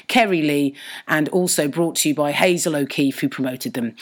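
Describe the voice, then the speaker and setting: A woman with a cold and a husky voice, co-hosting a casual comedy podcast in a jokey, self-mocking way. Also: lowish voice. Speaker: podcast co-host. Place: conservatory of a house. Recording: echoey room, heavy hiss.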